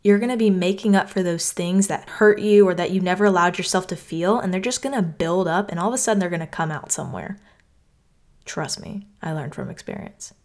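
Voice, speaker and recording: A woman's voice: on the low side, fairly quick, a little mellow. A young woman from North Carolina hosting her own podcast, talking earnestly and conversationally, often saying "like". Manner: earnest, conversational, heavy use of "like". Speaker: podcast host. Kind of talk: reflective solo podcast talk.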